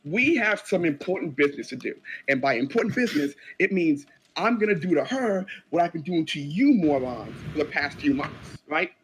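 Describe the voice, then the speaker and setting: A man's voice: fairly high pitch, very animated, normal speed, a bit bright, a little hiss or hum, poor audio. A man voicing a brash, boastful female fighter champion who taunts and brushes people off. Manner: cocky, taunting, dismissive.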